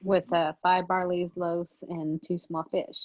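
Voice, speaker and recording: A woman taking part in a Bible study, answering slowly and hesitantly over a video call. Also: on the low side, little pitch movement, no echo, dull audio. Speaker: study participant.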